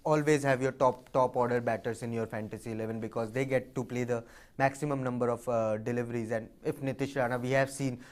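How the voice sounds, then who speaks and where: A man's voice: mid-range voice, fairly even intonation, fast talker. Casual man analyzing cricket on air. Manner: casual, repeats words, many fillers. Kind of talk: live fantasy cricket chat.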